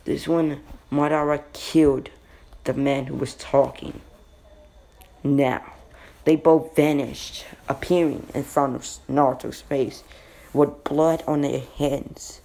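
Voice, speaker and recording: A slow, rambling male storyteller with a dark, gravelly voice, making up a fan-fiction story as he goes. He pauses often and stumbles over words. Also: mid-range voice, level tone. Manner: halting, rambling delivery with slips. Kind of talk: improvised fan-fiction narration.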